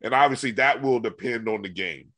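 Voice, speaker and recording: A man's voice: mid-range voice, a little fast, bright, forceful tone. A man hosting a casual sports talk show, asking his co-host questions and chatting about the team. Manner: conversational, asks questions, many fillers and restarts.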